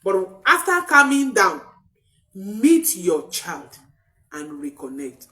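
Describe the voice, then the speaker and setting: A woman parenting coach giving a motivational talk, expressive and repeating key phrases for emphasis. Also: medium pitch, slow pace, far from the mic.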